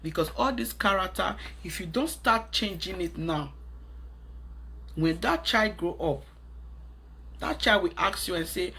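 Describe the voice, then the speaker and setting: A woman's voice: mid-range voice, lively intonation, unhurried, a bit bright, slightly rough. A woman with a Nigerian accent giving emphatic, preachy parenting advice in a monologue, repeating her points. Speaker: parenting vlogger.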